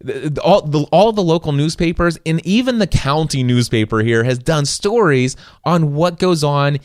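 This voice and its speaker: Telling stories alone on his own podcast, this man sounds a little high and expressive, moving at a moderate pace while voicing the quoted dialogue. He records in a small studio on a studio microphone, with no room sound.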